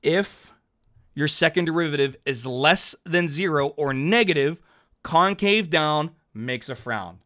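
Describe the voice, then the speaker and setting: This whiteboard calculus lesson comes from a math teacher whose fairly high, fairly bright voice has lively intonation and a measured pace. He's chatty and cheerful, thinking aloud and amending his work as he writes each step.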